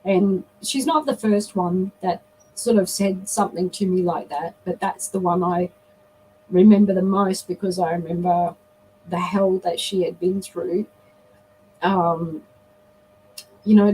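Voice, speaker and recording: A woman's voice: on the low side, fairly even intonation, unhurried, mellow, slight background noise, poor audio. A middle-aged woman, a guest on a live interview, telling a personal story in an earnest, reflective way. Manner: earnest, reflective, often acts out quoted dialogue.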